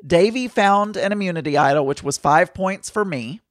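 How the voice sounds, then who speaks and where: A man's voice: high-pitched, animated, moderate pace, background noise. A man co-hosting a casual podcast, chatting and explaining game points step by step. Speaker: podcast co-host. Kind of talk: casual chat about a reality show fantasy game.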